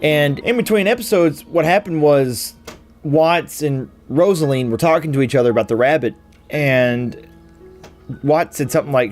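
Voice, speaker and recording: A man's voice: a little high, moderate pace, a little mellow, soft background music. A man hosting a let's play, casually recapping the story and joking wryly as he plays. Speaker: gaming channel host.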